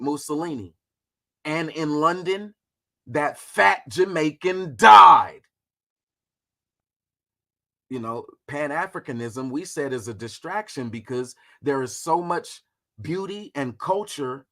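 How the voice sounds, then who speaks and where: A man hosting a casual livestream, talking through history in a slangy, profane, animated way. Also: medium pitch. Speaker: host.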